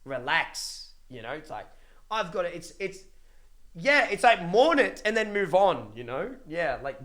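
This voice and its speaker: A man's voice: sits high, measured pace. Blunt, profane young streamer man. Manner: blunt, profane, animated ranting with many restarts. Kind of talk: casual livestream rant to chat.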